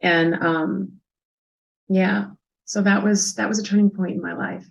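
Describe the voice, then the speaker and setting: A woman in her fifties telling a personal story as an interview guest, soft and reflective, pausing often with hesitant fillers. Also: medium pitch, fairly even intonation, gravelly, highs cut off.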